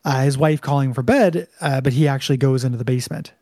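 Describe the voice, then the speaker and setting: A man co-hosting a podcast, recapping an episode in a relaxed, casual chat and laughing often. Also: medium pitch, quick pace, no room sound, clean studio sound. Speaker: podcast co-host.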